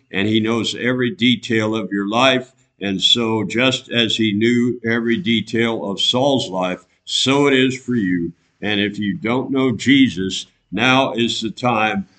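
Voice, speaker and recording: A man's voice: on the low side, fairly bright tone. A man preaching an earnest broadcast sermon, repeating phrases for emphasis. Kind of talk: radio sermon.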